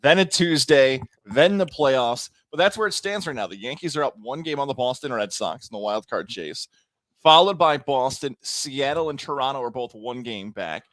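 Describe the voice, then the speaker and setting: A man co-hosting a casual sports talk show, laying out standings and scenarios in a steady, methodical way. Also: medium pitch, normal speed, no room sound.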